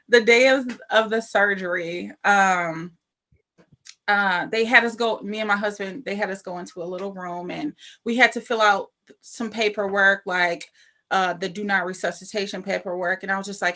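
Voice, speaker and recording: A woman's voice: mid-range voice, moderate pace. A young adult woman, a cancer survivor, telling a personal story at an online event and acting out the voices in it. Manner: animated storytelling, acts out voices in quotes.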